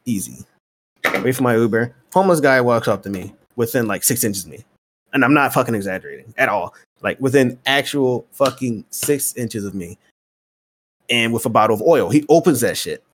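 A man's voice: mid-range voice, normal speed, a little hiss or hum. Guy on a podcast ranting through a story, swears a ton, voice jumps all over. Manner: profane, animated storyteller acting out exchanges. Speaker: podcast host. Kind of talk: casual storytelling chat.

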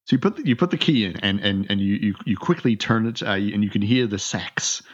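A man's voice: on the low side, a little fast. A man narrating as game master in a tabletop game, stumbling through many repeated words and fillers. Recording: dull lo-fi sound.

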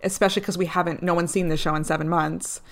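A woman's voice: fairly low pitch, fairly even intonation, fast. A young woman co-hosting a podcast, chatting with enthusiasm and frequent laughter. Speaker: podcast co-host. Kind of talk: casual chat about theater awards.

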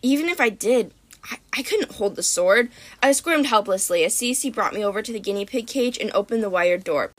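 Expressive woman reading a storybook. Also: a little high, moderate pace. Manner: expressive, dramatic. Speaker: audiobook narrator. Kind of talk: first-person storybook narration.

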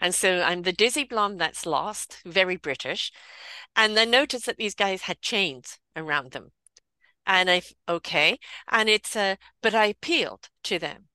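A woman with a South African accent tells a candid, lively story. Her voice is bright and tense. The sound is dry, with no room echo. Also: mid-range voice, measured pace. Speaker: podcast host. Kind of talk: casual conversational storytelling. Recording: dry close recording.

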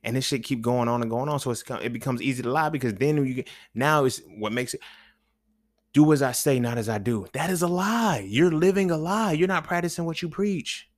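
A man's voice: a little high, brisk, hardly any pauses, dry recording, clean studio sound. A man hosting a podcast, talking in a loose, rambling, profane monologue full of slang, often asking "you feel me". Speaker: podcast host. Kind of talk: casual monologue.

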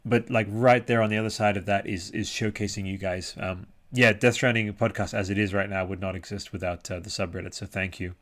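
A man's voice: lowish voice, steady tone, fairly quick, hardly any pauses, fairly bright tone. A man hosting a live podcast, chatting enthusiastically and reading out viewer comments. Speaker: podcast host.

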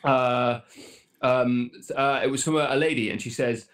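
A man's voice: medium pitch, fairly even intonation, measured pace, a bit bright. A man co-hosting a podcast in casual banter, teasing and laughing often. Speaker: podcast co-host.

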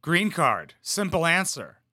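A man's voice: a little high, big pitch swings, a little slow, bright, forceful tone, no room sound, clean studio sound. A young man making crude, sarcastic jokes as he comments on a reality show clip. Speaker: reaction commentator.

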